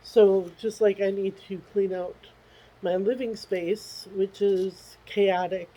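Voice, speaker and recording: A tearful middle-aged woman talking haltingly through a personal video diary, with many pauses and restarts. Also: medium pitch, fairly even intonation, warm tone, poor audio. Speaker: vlogger.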